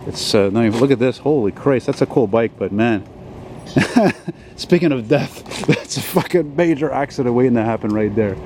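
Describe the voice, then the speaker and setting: A man, dropping words now and then. He rambles and swears as he walks along a city street with a handheld camera. His voice is mellow and dark, with faint traffic behind him. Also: medium pitch, animated, moderate pace. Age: 40s. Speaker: vlogger. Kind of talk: rambling walk-and-talk vlog. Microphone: handheld camera while walking.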